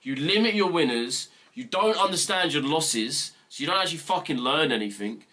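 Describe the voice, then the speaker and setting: A man's voice: on the high side, lively intonation, moderate pace, bright, forceful tone. A young British man mentoring viewers on a live trading stream, ranting bluntly and swearing freely in casual chat. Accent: British English. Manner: blunt, profane, mock-serious ranting.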